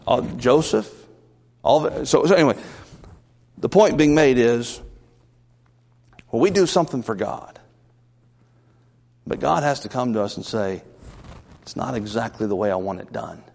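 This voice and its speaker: Gravelly-voiced preacher in a reverberant sanctuary. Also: male voice, mid-range voice, a little mellow. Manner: folksy, conversational preaching with questions to the congregation. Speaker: pastor. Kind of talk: sermon. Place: church sanctuary. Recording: long church-hall reverb.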